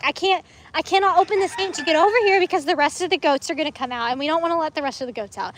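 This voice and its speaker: A young woman with a high voice chats on a livestream as she walks her farm on a phone. She rambles and breaks off now and then to talk to her animals. Chickens and a rooster cluck faintly in the background. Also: racing, few pauses, slight background noise. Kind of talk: casual livestream chat. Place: outdoors on a farm among animals.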